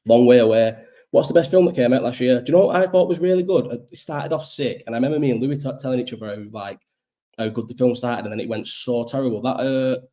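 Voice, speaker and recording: A man's voice: medium pitch, fast talker, mellow. A young man hosting a casual live chat, rambling and swearing freely, ill with a cough. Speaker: host.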